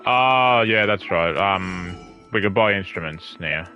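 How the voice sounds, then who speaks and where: A man's voice: low-pitched, a little slow, pushed and bright. A male streamer giving casual gameplay commentary, swearing and muttering to himself as he plays. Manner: swears and mutters while playing. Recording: lo-fi stream audio over game music.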